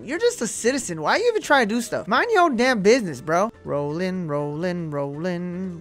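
A man hosting casual gameplay commentary, joking and excitable, with sudden yelps and slangy banter. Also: a little high. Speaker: gaming video host.

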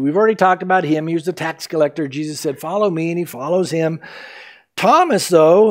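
A male pastor teaching a verse-by-verse sermon in a casual, conversational way, acting out the characters' lines in lively voices. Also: on the high side. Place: church sanctuary.

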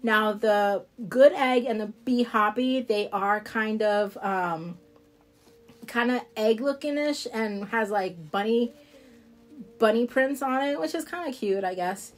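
A woman's voice: on the high side, takes it slowly. Chatty New Jersey woman selling nail sets. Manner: chatty, rambling, laughs easily, talks to viewers. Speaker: independent nail product seller. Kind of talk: casual live product showcase.

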